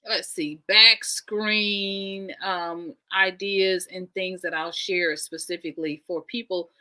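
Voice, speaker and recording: A woman's voice: lowish voice, steady tone, slow pace, pushed and bright. A woman from the United States hosting a live stream, chatting with viewers in a friendly way with many fillers. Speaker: channel host.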